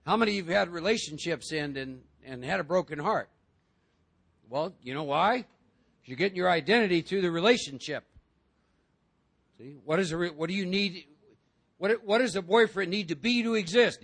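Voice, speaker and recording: Gravelly high-voiced man addressing a group. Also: normal speed, long pauses. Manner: animated, acts out voices, jokes with the room. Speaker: recovery meeting speaker. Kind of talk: recovery talk to a group.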